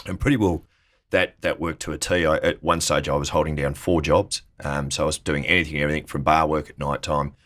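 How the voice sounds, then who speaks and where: A quick-talking Australian man in his fifties with an extremely deep voice. He tells his career story in a casual interview, rattling through anecdotes and lifting his voice to act out the people he quotes. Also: steady tone, fairly bright tone. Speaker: interview guest, travel business owner.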